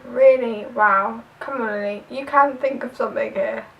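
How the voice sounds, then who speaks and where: Young southern english girl rambling thru a tag vid, high voice with some fry, a bit far from the mic. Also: steady tone, moderate pace, dull audio. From southern England. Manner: chatty, rambling, filler-heavy. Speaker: vlogger. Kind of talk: casual tag video chat.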